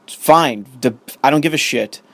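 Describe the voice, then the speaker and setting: A man's voice: mid-range voice, unhurried, fairly bright tone, no echo. A young man ranting in commentary, profane and sarcastic, reading an article aloud and arguing with it. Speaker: commentary host.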